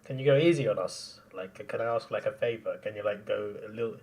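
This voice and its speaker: Excitable man reacting live. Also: fairly low pitch, a little fast, far from the mic. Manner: excitable, laughs often, trails off into mumbles. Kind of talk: casual live match reaction.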